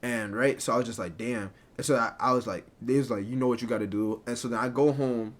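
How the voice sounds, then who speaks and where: A young man recounts a story to his viewers in a loose, rambling way. His voice sits at an ordinary middle pitch, and he keeps tossing in "like" and "right?" as he goes. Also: quick pace. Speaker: storyteller streamer. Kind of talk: casual storytelling to a live chat.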